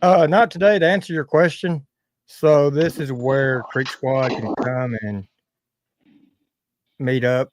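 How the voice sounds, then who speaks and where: A man hosting a livestream, talking casually in a halting way and often restarting his sentences. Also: mid-range voice, steady tone, background noise. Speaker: livestream host.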